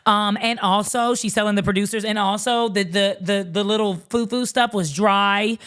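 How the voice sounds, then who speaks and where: A woman talking through a show recap in a casual, outspoken way, cursing freely and throwing in exclamations. She slips into mocking impressions of the people she quotes. Her voice sits at an ordinary middle pitch. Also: moderate pace, clean tone. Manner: animated, blunt, swears and exclaims. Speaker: reaction commentator.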